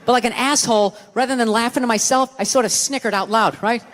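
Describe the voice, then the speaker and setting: A man's voice: extremely high pitch, steady tone, fast talker, noisy background. A middle-aged man with a Boston accent doing stand-up comedy, ranting and profane as he tells a story. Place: theater stage before a live audience. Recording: live theater recording with hall reverb and crowd. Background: audience laughter.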